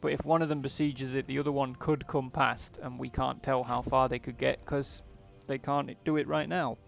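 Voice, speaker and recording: A man's voice: mid-range voice, level tone, moderate pace, creaky, dull audio, soft background music. A man on a live game stream, casually thinking aloud about his moves.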